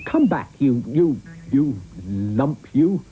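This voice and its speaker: A man's voice: medium pitch, big pitch swings, slow pace, phone-quality sound, pitched above the performer's own voice. A British man voicing a shaggy, grumpy male dog with a dry, acid, self-satisfied manner in a cartoon. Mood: grumbling.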